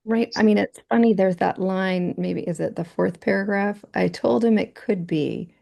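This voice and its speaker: A woman's voice: mid-range voice, normal speed, gravelly, mellow. A woman talking casually in a writing workshop, quoting a story and drawing others into the discussion. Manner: chatty, quotes text, asks others in.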